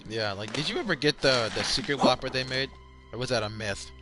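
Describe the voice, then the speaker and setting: A man hosting a podcast, telling a story in casual, animated talk, swearing a lot and repeating himself. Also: medium pitch, fairly quick, music in the background. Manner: animated, profane storytelling with frequent repetitions. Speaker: podcast host. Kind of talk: casual chat.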